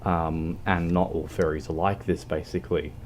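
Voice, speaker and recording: A man chatting casually with his livestream viewers while playing a game, talking in a rambling, halting way. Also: deep voice, level tone, a little mellow, a little hiss or hum. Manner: rambling, halting, talks to chat.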